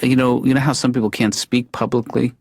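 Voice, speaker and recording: Brief: a deadpan cartoon therapist, soft husky voice, dry studio sound. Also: male voice, medium pitch, a little fast, dry recording. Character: mild, dry middle-aged male therapist. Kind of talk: animated sitcom dialogue. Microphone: dry studio mic.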